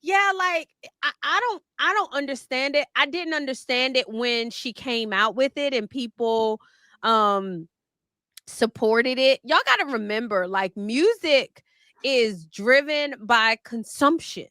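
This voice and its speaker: A woman talking in a loose panel chat, laughing easily and restarting her sentences. Her voice sits fairly high and sounds bright and clear. The recording is close and dry. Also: unhurried, no echo. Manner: animated, laughing, many restarts. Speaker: commentator.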